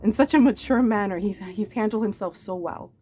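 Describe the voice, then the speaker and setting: A woman's voice: medium pitch, fairly quick, dark tone. This is an earnest woman in her forties talking straight to her viewers in a confessional vlog, addressing them as her darlings. She repeats her points for emphasis. Her voice sits in a middle register, with a faint hum of background noise. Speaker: vlogger. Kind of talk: heartfelt confessional vlog talk.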